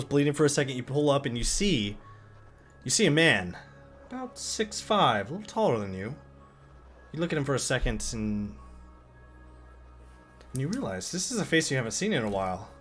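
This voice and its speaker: A man narrating a tabletop fantasy game as game master, in slow dramatic storytelling. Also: mid-range voice, lively intonation, fairly bright tone, soft background music.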